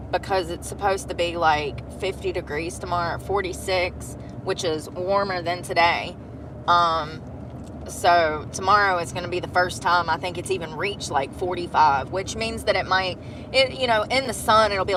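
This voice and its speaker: A woman chatting casually on a livestream from inside her truck, telling animated stories and swearing freely. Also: fairly low pitch, noisy background.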